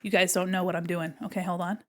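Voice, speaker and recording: A woman's voice: fairly low pitch, little pitch movement, fast talker. A woman art streamer chatting casually and playfully with her viewers while she works on a drawing. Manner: chatty and playful, talks to chat while working.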